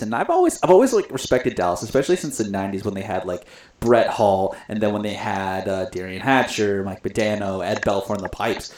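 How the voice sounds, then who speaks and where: A young man in a casual hockey chat, excitable and animated, laughing often and speaking with many fillers. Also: fairly low pitch, fairly quick. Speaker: podcast co-host.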